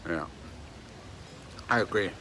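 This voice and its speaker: A man's voice: slow pace, heavy background noise. A man talking affectionately to his pet parrot in a coaxing, sing-song way, full of playful questions. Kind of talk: affectionate talk to a pet bird.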